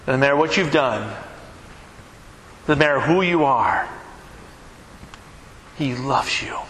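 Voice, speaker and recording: A man preaching a sermon in a church, earnest, swinging between loud emphasis and hushed softness and slowing down to quote scripture. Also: medium pitch, animated, a little hiss or hum. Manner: slows down when quoting scripture. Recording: echoey room.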